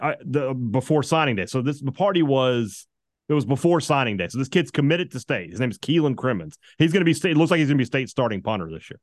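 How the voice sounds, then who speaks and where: A man's voice: mid-range voice, no room sound, studio quality. A man guesting on a sports podcast, telling stories in casual chat and laughing easily. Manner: chatty storyteller, laughs easily.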